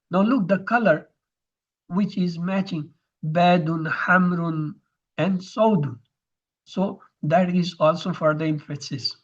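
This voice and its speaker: A man's voice: sits high, moderate pace, muffled recording. A man teaching Arabic grammar in an online lesson, explaining terms step by step over a video call.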